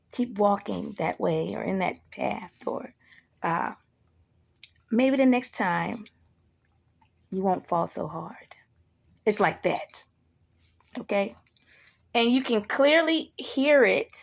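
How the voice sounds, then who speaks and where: A woman's voice: medium pitch, gravelly, a little mellow, husky. A woman talking casually to camera in a blunt, profane way, animating the people she quotes. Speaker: vlogger. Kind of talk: casual monologue.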